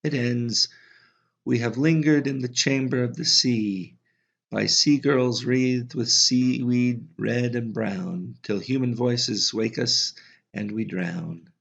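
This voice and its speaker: A man doing a wry, quiet teenage girl. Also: mid-range voice, fairly even intonation, slow, vocal fry, slightly rough, heavily acted. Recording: slightly dull lo-fi audio.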